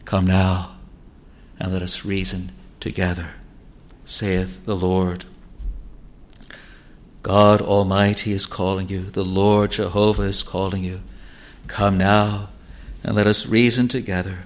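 A man's voice: sits low, level tone, slow pace, long pauses. A male preacher delivering an evangelistic sermon with earnest, pleading appeals.

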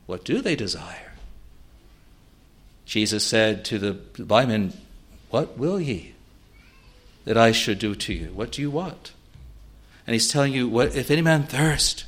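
A man preaching a sermon, earnest, swelling loud on key words and then dropping to a soft, quiet close. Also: mid-range voice, a little slow.

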